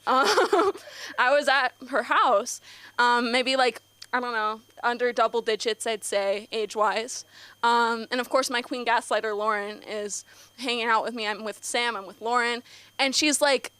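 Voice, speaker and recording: A woman's voice: a little high, normal speed, bright, forceful tone, clear, resonant tone, no room sound. A teenage girl doing a nervous, rambling open mic stand-up set on a comedy club stage, full of fillers and giggles. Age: teens.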